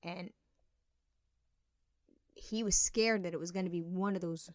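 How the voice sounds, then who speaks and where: A woman's voice: lowish voice, unhurried, no room sound, studio quality. A woman co-hosting a podcast in casual chat, telling frank, profane stories and acting out the people in them. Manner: frank, profane storytelling with animated quoted voices. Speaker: podcast co-host.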